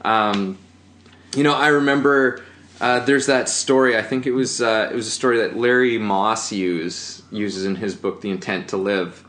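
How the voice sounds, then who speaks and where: A man's voice: on the low side, steady tone, moderate pace, a bit bright. A man who acts, chatting casually and telling a theater story, rambling with lots of fillers and restarts. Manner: rambling, many fillers and restarts, laughs often. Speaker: actor. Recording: roomy echo.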